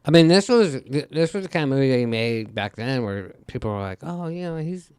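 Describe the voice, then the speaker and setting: A man's voice: medium pitch, sing-song, a little fast, darkish tone, clear, resonant tone, dry recording. A man co-hosting a podcast, blunt and wry, swearing casually. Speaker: podcast co-host. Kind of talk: casual chat.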